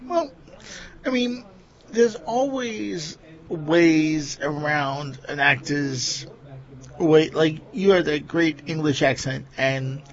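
A man's voice: fairly high pitch, slow pace, muffled recording. A man with a Long Island New York accent, hosting a casual chat and rambling with lots of fillers. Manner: rambling, many fillers like "you know" and "like".

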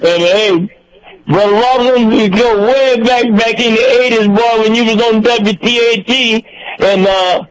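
An older man from Georgia calls in with a fairly high voice. He rambles through old memories in a relaxed, repetitive way. The call sounds dull and lo-fi. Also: unhurried. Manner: warm-hearted storyteller, repeats himself. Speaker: radio caller. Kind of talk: casual reminiscing chat.

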